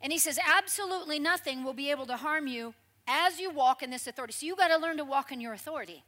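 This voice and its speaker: A woman preaching a sermon in a lively, conversational storytelling way, with frequent asides to the congregation. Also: high voice, quick pace.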